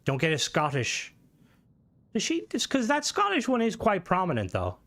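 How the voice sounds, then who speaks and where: A man's voice: high-pitched, wildly swooping pitch, moderate pace, fairly bright tone. A man talks casually while streaming a game, rambling, swearing and restarting his sentences often. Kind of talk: casual gaming stream commentary.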